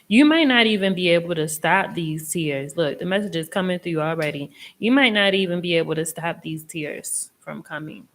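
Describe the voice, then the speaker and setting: A young woman hosting a casual live tarot reading, chatty and expressive, with a reassuring tone and casual swearing. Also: on the low side, normal speed, hardly any pauses. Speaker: tarot reader and live stream host.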